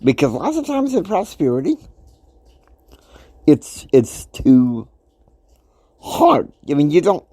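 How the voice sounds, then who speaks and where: A man in his fifties hosting a motivational podcast, talking emphatically and preachily. He swings between soft asides and loud outbursts. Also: on the high side, wildly swooping pitch, slow pace, pauses often, dry recording, studio quality. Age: 50s. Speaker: podcast host.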